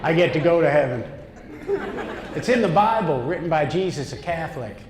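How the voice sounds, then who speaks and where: A man from upstate New York does a stand-up set in a comedy club, his voice on the high side, animated and brisk as he delivers brash, punchy lines and asides to the audience. The room is echoey and noisy, with laughter from the crowd.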